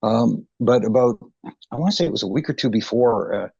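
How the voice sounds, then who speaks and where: A middle-aged Canadian man, a retired wrestling referee, tells a story as an interview guest, chatty and full of fillers and restarts as he emotionally recalls the past. His mid-range voice is expressive, a little fast, creaky, warm and slightly rough. The call audio is dry, dull and lo-fi, with no echo.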